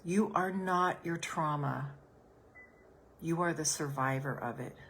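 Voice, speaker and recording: A woman with a low, deep voice guides listeners through a calm healing exercise as a business coach. She speaks soothingly and gently, repeating her phrases softly. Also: takes it slowly, slight background noise. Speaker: business coach and podcast host.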